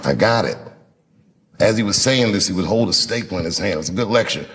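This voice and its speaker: Comedian in his fifties, from D.C., lowish voice, slow reflective storytelling with pauses. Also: a bit bright. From Washington, D.C. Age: 50s. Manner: measured, unhurried storytelling with dramatic pauses and acted-out quotes.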